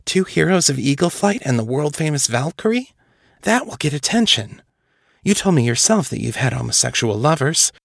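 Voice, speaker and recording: A man's voice: on the high side, sing-song, moderate pace, gravelly, dry recording, studio quality, pitched above the performer's own voice, heavily acted. A man reading aloud as a weary, outspoken woman officer, speaking bluntly and pressing her point. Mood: determined.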